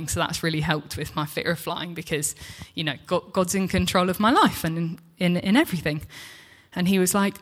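A woman, preaching in church and telling a personal story in a chatty, animated way, acting out the dialogue. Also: lowish voice, normal speed. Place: church hall.

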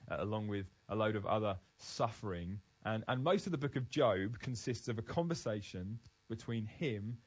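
A man's voice: lowish voice, rough recording. A man giving an earnest, emphatic devotional Bible talk, restarting phrases as he goes. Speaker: Christian speaker.

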